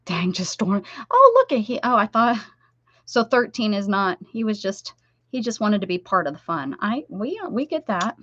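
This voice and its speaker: A woman's voice: mid-range voice, very animated, moderate pace, fairly bright tone, no room sound. A middle-aged woman chatting casually with viewers on a craft live-stream, rambling and greeting people by name. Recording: dull lo-fi stream audio.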